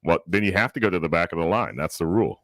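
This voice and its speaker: A man's voice: deep voice, quick pace, fairly bright tone, dry recording, studio quality. A man co-hosting a casual morning radio chat, adding wry jokes. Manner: wry, joking commentator. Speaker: radio co-host.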